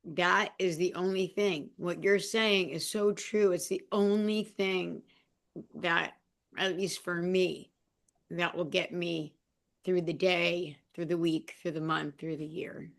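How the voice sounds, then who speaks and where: A woman guest on a podcast, sharing personal experiences in a heartfelt, emotional and halting way, with many restarts. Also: fairly low pitch, fairly even intonation, gravelly.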